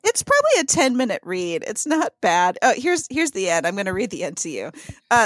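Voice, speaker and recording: Missouri woman co-host, chatty and giggly, middle pitch, dry close mic. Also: wildly swooping pitch, fairly quick, no echo. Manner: chatty and giggly, reading aloud from notes. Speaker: podcast co-host. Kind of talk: casual podcast chat.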